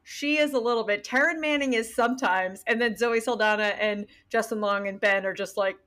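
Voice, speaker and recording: A woman's voice: a little high, fairly quick, crowd noise. A woman co-hosting a podcast, joking bluntly in casual chat about a film. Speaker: podcast co-host.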